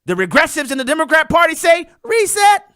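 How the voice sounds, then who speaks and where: Animated sarcastic commentary host. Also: mid-range voice, moderate pace, no room sound, clean studio sound, faint music behind. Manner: sarcastic, mocking, talks straight to listeners. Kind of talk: animated political commentary monologue.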